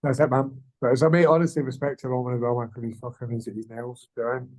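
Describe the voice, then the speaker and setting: A man's voice: mid-range voice, flat delivery, very fast, darkish tone, poor audio. A man, an amateur fighter, chatting casually in an interview, rambling and swearing with lots of slang. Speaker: amateur MMA fighter, guest.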